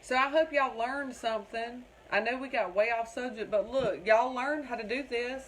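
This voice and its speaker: A woman's voice: a little high, moderate pace, a little hiss or hum. A woman hosting a casual craft livestream, rambling and chatting with viewers in the comments.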